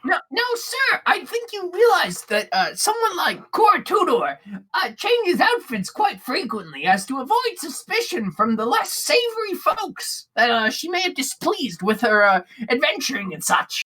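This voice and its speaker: A woman's voice: high voice, huge pitch swings, moderate pace, fairly bright tone, heavily acted, low-quality recording. A woman voicing a fawning little male kobold bard who stammers and wheedles. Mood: wheedling.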